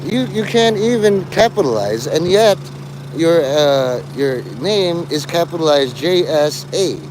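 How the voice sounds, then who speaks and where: A man's voice: on the high side, animated, a little slow, background noise. A man livestreaming to his chat, rambling and teasing people in crude, mocking talk.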